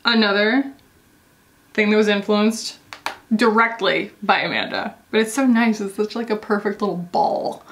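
With a mid-range voice at normal speed, a woman talks through her makeup as she applies it in a casual tutorial. She's a beauty vlogger who rambles chattily, filling her speech with "like."

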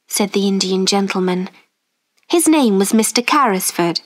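Slow, clear woman storyteller. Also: medium pitch. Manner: clear, deliberate. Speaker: story narrator. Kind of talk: slow graded-reader narration.

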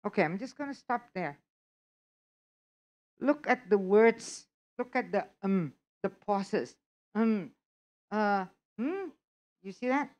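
A woman's voice: mid-range voice, expressive, slow, long pauses, a little mellow, dull audio. A woman teaching an English test prep class, often checking that her students follow. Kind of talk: live online lesson.

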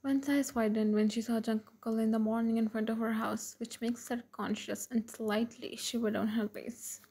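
A woman narrates a fan fiction story in a plain, even read-aloud. Her slightly high voice is gravelly and husky, with a dark tone and little rise and fall. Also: normal speed.

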